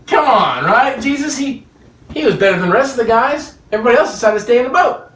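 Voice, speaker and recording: An animated preacher delivers a sermon with a lively, swooping pitch, acting out dialogue and laughing along the way. The voice rings through an echoey room and is picked up from some distance off the mic. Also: quick pace. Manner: animated, acts out quoted dialogue, laughs often. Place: room with listeners.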